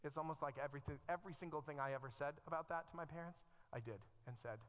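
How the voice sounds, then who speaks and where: A man's voice: a little high, rapid-fire, fairly bright tone. A middle-aged man preaching a conversational sermon as a pastor, reading scripture aloud and adding self-deprecating asides. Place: church sanctuary. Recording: long church reverb.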